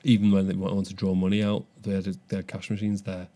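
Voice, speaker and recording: A man's voice: low voice, monotone, quick pace, dark tone. A young man co-hosting a podcast, telling a story animatedly with frequent restarts. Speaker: podcast co-host. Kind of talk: casual chat.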